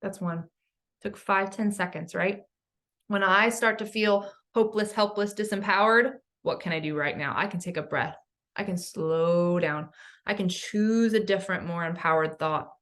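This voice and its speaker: A woman's voice: medium pitch, normal speed, fairly bright tone. A woman coach giving an educational talk, earnest, explaining step by step with questions and lists. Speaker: somatic coach.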